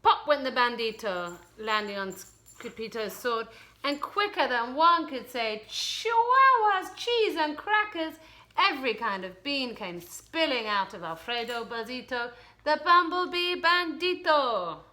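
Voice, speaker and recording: A woman reading a children's picture book aloud in a playful, expressive way. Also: fairly high pitch. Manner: playful, slow expressive reading, sometimes breaking to scold a puppy. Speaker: storyteller.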